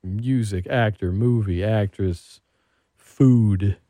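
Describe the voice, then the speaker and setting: A man hosting a casual talk show, an animated storyteller who gets worked up. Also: fairly low pitch, slow, no echo. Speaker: podcast host. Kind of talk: casual chat.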